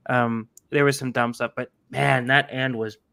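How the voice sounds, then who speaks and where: A man co-hosting a podcast, chatting casually in an animated, jokey way and quoting people in mock voices. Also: medium pitch, normal speed, creaky, smooth. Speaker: podcast co-host. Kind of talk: casual chat.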